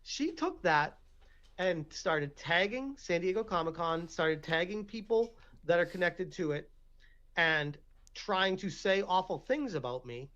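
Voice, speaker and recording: A woman with a lowish voice complains in a played clip. The sound is dull and lo-fi, with the highs cut. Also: lively intonation, unhurried, a bit bright.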